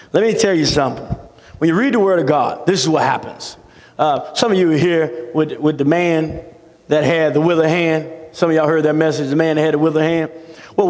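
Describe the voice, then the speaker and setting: A man preaching a sermon in a dramatic style, with his voice rising to shouts at the peaks. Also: fairly high pitch. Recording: long reverb of a large hall.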